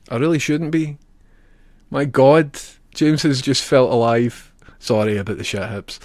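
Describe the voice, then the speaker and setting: A man's voice: medium pitch, moderate pace, a little mellow, dry recording, studio quality. A young Scottish man chatting casually on a live stream, trading jokey banter, laughing often and rambling through asides.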